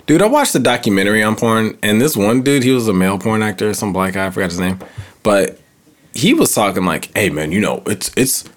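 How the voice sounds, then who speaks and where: A man's voice: on the low side, fairly quick. A man in casual chat, telling rambling stories with lots of filler.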